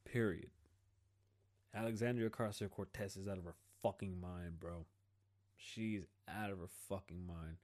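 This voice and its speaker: A podcast host with a low, darkish voice delivers a blunt political rant on his own show. His casual style is full of slang and profanity.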